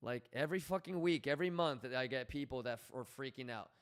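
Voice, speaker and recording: A man's voice: medium pitch, fast talker, smooth. Blunt, swearing male streamer. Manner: blunt, profane, coaching tone, reads chat aloud. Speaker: livestream host. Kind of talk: casual livestream chat.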